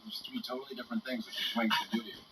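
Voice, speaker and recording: A man being interviewed as a guest, telling lively anecdotes in a casual way. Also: rapid-fire, noisy background. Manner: lively anecdotes with sudden jumps in pitch. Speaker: guest actor. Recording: distant mic with room ambience.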